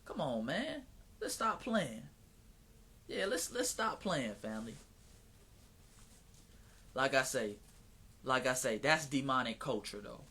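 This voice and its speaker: A man hosting a live stream, talking in a casual, animated, preacher-like cadence and sometimes slipping into mocking voices. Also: mid-range voice, takes it slowly, long pauses, slightly rough.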